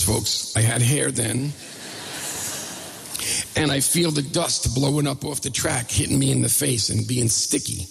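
A middle-aged man telling a comic story in an animated, self-mocking way. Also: medium pitch. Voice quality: gravelly. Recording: long reverb hall.

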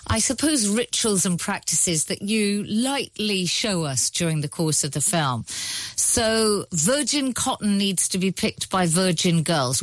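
A woman's voice: medium pitch, no room sound. A woman interviewer asking prepared, articulate questions about a film. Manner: articulate, with lively intonation.

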